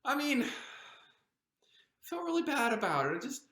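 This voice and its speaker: A woman's voice: high-pitched, big pitch swings, moderate pace, a bit bright. A woman pastor performing a devotional monologue as a frightened disciple of Jesus, anxious and stammering with many restarts. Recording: roomy echo.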